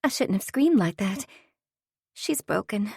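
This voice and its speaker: A woman voicing Celeste, a gentle, dreamy older shopkeeper with long graying hair. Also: mid-range voice, lively intonation, unhurried, creaky, breathy edge, dry recording, studio quality, voice pushed up, exaggerated voice. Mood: soft.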